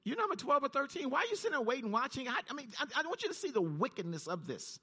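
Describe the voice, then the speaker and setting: A man preaching a sermon, reading scripture in a low, steady voice and then rising sharply in pitch as he comments on it. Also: very fast, husky.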